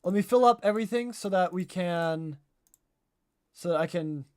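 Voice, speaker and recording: A man talking viewers through a live gameplay stream, animated and quick to blame himself. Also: sits high, clean tone. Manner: animated, self-critical, talks straight to viewers. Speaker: game streamer.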